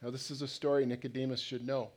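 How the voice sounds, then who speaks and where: A man's voice: medium pitch, level tone, quick pace, darkish tone. Conversational male preacher. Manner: conversational, asks the congregation questions, acts out voices. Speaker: pastor. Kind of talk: sermon.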